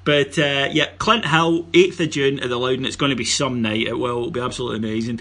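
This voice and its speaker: Bright, husky Scottish man hosting. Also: mid-range voice, steady tone, quick pace. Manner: jokey, teasing, plugs the show. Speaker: podcast host. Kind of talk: casual football podcast chat.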